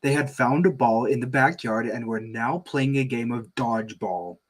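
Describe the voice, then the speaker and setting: A man hosting an online show, chatting casually and reading fan fiction, hesitant, with many fillers. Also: medium pitch. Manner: slow, hesitant, lots of ums. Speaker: show host. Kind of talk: casual chat and story reading.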